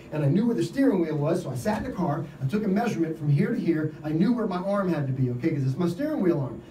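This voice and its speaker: A man giving an informal sermon, telling stories in an animated way and laughing often. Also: high voice, quick pace, reverberant, distant mic, slight background noise, low-quality recording. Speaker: lay preacher. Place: event gathering.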